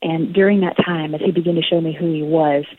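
A low-voiced young woman with a Southern US drawl talks as a guest author in a radio interview. She is earnest and reflective, pausing often with fillers. Her voice comes through a thin, phone-like line. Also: steady tone, a little hiss or hum.

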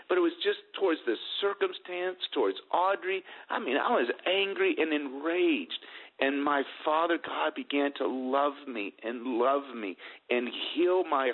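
A middle-aged man telling a personal family testimony in an earnest, halting way, with many restarts. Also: a little high, narrow, tinny audio. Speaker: guest telling his family story.

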